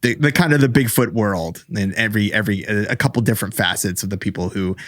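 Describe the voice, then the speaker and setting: A man's voice: fairly low pitch, fast, a bit bright, no room sound, clean studio sound. A man co-hosting a casual podcast, recapping a story with many fillers. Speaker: podcast co-host. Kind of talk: casual chat.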